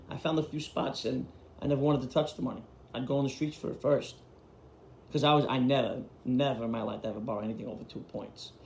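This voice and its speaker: A man's voice: mid-range voice, gravelly, darkish tone, a little hiss or hum. A man telling blunt, profane street stories in a casual way. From Queens, New York. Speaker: storyteller host. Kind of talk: casual storytelling. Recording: roomy echo.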